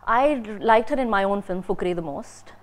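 A woman actress answering questions in a casual interview, playful and quick to laugh. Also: mid-range voice, animated, crowd noise.

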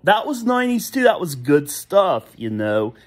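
A man's voice: high voice, big pitch swings, moderate pace. A man ranting in a casual solo vlog, rambling and exasperated, full of nostalgia. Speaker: vlogger. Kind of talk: casual solo rant to camera.

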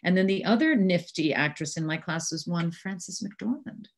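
An American woman in her sixties from New York City, an actress telling animated anecdotes in a casual interview and laughing often. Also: fairly low pitch, normal speed, slight background noise.

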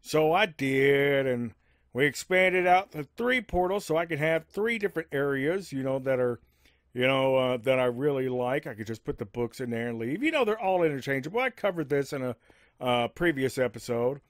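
A man hosting a game let's-play in casual, rambling commentary with many asides, speaking above his natural low register. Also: lively intonation, normal speed, no echo, clean studio sound. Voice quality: rambling, lots of fillers and asides.

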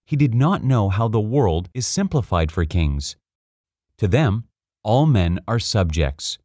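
A man narrates an audiobook, telling the story in a measured, expressive way. His voice is lowish, and the clean studio recording is dry.

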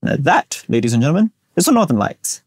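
A man's voice: a little high, fairly quick, breathy edge, no echo, studio quality. A young man from Singapore with a Singaporean English accent, hosting a podcast and telling a personal story, acting out the voices of the people he quotes. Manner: animated, acts out quoted voices. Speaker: podcast host.

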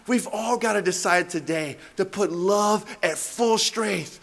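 High-voiced young man preaching earnestly. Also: unhurried, creaky, hardly any pauses, fairly bright tone. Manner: earnest storytelling, rising to emphatic. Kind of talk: sermon with personal story.

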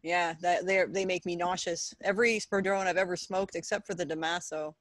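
A woman's voice: on the low side, steady tone, fairly quick, no room sound. Lady guest on a podcast, frank, dry humor, close dry sound. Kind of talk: casual chat.

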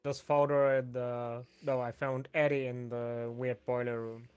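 A man in a gaming chat, speaking haltingly with frequent restarts as he accuses others. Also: mid-range voice, flat delivery, smooth, no echo, muffled recording.

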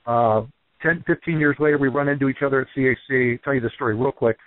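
Over a tinny, dry phone line with no echo, a medium-pitched man who trains wrestlers talks quickly. He's a guest on a casual radio show, telling lively, meandering stories loaded with fillers.

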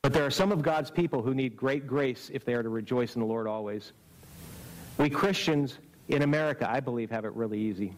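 A man's voice: mid-range voice, fairly quick, low-quality recording. A man preaching a camp-meeting sermon in an earnest, exhorting way, often putting rhetorical questions to his listeners.

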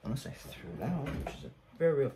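A man's voice: mid-range voice, big pitch swings, fast, heavy background noise. Young guy rambling about his performance, casual, self-mocking. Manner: rambling, chatty, self-deprecating. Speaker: vlogger. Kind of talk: casual commentary.

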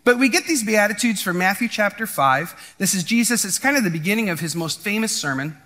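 Male pastor, conversational church sermon, high and bright-toned. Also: expressive, a little fast. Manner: conversational, restarts often, asks the congregation 'right?'. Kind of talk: casual sermon.

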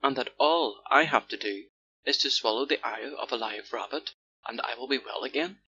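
A man's voice: mid-range voice, normal speed, pushed and bright, a little hiss or hum, lightly acted. A man voicing an ailing old king of the fishes in a storybook, speaking weakly but commanding, in a dull lo-fi recording. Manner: weak, commanding.

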